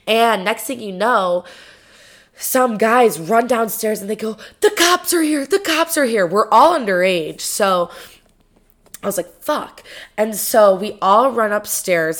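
Bright-voiced young woman telling a story. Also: mid-range voice, a little slow. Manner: chatty, lots of fillers and swearing. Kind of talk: casual storytelling.

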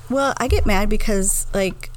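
A woman in her thirties, co-hosting a podcast, telling stories in an animated, chatty way. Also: mid-range voice, unhurried, a little hiss or hum, poor audio. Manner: animated storyteller, laughs while reading reviews aloud. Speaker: podcast co-host. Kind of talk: casual chat.

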